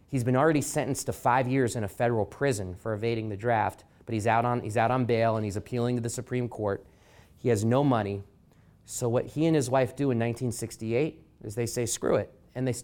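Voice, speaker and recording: A man giving a talk at a library as an author, telling stories and acting out quotes with lively energy. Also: mid-range voice, a little fast. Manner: animated storyteller acting out quotes. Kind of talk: public lecture with anecdotes. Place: library event room.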